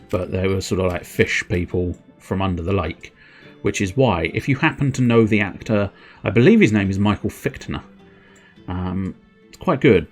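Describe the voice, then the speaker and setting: A man streaming a game, chatting in a rambling, giggly way with lots of restarts. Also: deep voice. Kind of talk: casual gameplay commentary.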